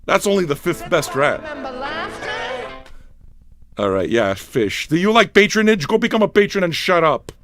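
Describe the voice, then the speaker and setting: A high, bright-voiced man rants hard, swearing nonstop and swinging his pitch wildly as he mocks people. The sound is dry and close, with no room around it. His delivery is loud and rough, cut with sneering impressions. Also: animated, fairly quick, few pauses, faint music behind. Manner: swearing, yelling, mocking impressions. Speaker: livestream radio DJ. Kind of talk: profane comic rant.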